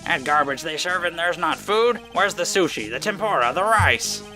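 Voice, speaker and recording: A man doing a cranky, bright-voiced old grouch. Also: on the high side, lively intonation, moderate pace, faint music behind, pitched above the performer's own voice. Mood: grumpy. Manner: cranky, huffing complaints. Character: grumpy old man, scolding and sour.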